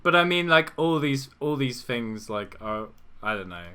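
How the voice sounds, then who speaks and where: A man's voice: medium pitch, animated, normal speed, pushed and bright, smooth. A young man co-hosting a casual group commentary, laughing often and rambling with lots of fillers. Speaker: co-host.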